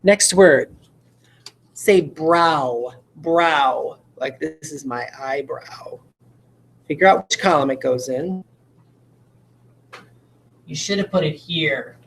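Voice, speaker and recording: Slow, patient woman teacher. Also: sits low, a little hiss or hum. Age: adult parent. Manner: patient, explains step by step, asks rhetorical questions. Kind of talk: recorded video lesson.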